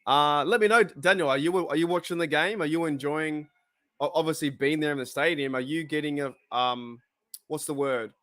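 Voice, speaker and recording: An Australian man hosts a fan watch party, talking casually over the live game in a slightly raised voice. He gets excitable, cheering and groaning at each play. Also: on the high side, normal speed.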